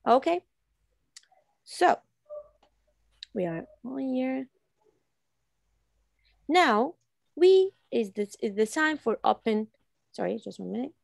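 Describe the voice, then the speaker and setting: A woman's voice: a little high, big pitch swings, slow pace, creaky, pauses often, darkish tone, no echo, clean studio sound. A woman from Iran teaching an online English class, repeating phrases patiently for her learners over a video call. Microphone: computer mic on video call.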